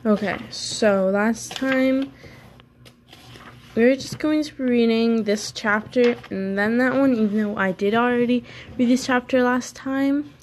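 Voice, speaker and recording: A woman's voice: on the high side, measured pace, a little hiss or hum. A woman reads a children's novel aloud in a casual, unpolished way. She adds chatty asides and corrects her small slips as she goes. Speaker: book reader.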